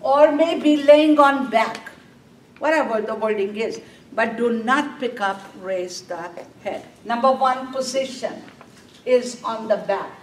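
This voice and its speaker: A woman's voice: a little high, takes it slowly. A woman teaching a nursing exam class, asking questions and answering them herself. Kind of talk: classroom lecture. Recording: echoey classroom from a distance, faint room noise.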